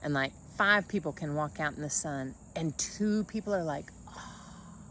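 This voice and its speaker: A woman's voice: sits low, normal speed, fairly bright tone, a little hiss or hum. A woman coaching in a casual motivational monologue, blunt and folksy, calling the listener honey.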